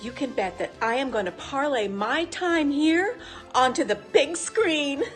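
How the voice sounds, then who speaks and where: A woman's voice: sits high, animated, unhurried, soft background music. A woman playing an eager young game show contestant who will do anything for Hollywood fame, gushing and over the top.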